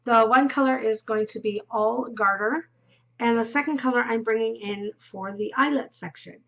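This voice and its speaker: A woman's voice: on the high side, normal speed, gravelly, fairly bright tone. A woman hosting a knitting podcast, chatting casually and rambling as she knits, giggling and dropping into murmurs, yawning now and then. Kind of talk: casual chat while knitting. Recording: dull lo-fi recording.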